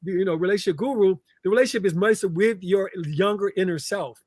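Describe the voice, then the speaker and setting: A man's voice: sits high, fast, darkish tone, dry recording, clean studio sound. A man, a relationship coach appearing as a guest, talking in an earnest, emphatic way and often repeating words. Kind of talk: casual chat.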